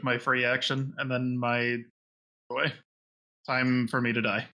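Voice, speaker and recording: A man's voice: mid-range voice, flat delivery, a little slow, bright, forceful tone. A man playing an online tabletop game, casual and wry. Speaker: player.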